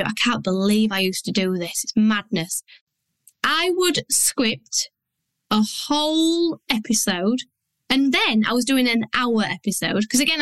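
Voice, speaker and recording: A woman's voice: on the high side, a bit bright, dry recording, rough recording. A woman with a Yorkshire accent, a business coach hosting her own podcast in a blunt, down-to-earth, chatty manner. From Yorkshire, England. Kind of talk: solo podcast monologue.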